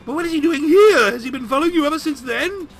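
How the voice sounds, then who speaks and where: A prissy, easily flustered mother with a high, piping voice, as a man puts her on for a game playthrough. She talks in a bright, thin tone, her words clipped and proper. Her indignation and her gushing both come out in that same pinched register. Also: sing-song, fast, soft background music, full character voice. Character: prim fussy middle-aged mother, knitting on a train.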